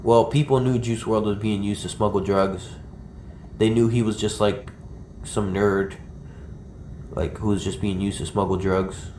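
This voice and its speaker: A man's voice: fairly low pitch, steady tone, measured pace, a little mellow, a little hiss or hum. A man livestreaming outdoors, ranting in a rambling, agitated and profane way. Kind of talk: ranting IRL stream talk. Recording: roomy, from the mic, faint ambience.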